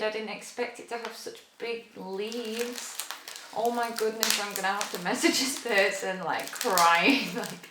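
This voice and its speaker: A young woman chatting excitedly to her viewers as she unboxes plants in a casual vlog, gushing and chatty. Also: medium pitch, slow. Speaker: plant vlogger. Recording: roomy echo, noisy background.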